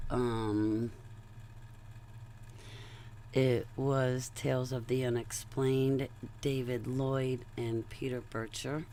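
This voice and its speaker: Woman vlogger chatting away, slow and draggy, faint hum behind her. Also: a bass voice, dark tone. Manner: rambling, chatty, digressive, laughs between thoughts. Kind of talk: casual rambling monologue.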